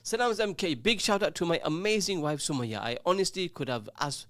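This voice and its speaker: A man's voice: on the high side, lively intonation, brisk, a bit bright, no echo. A man hosting a community radio call-in show, teasing listeners and reading out their messages in a casual, jokey way. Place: radio studio.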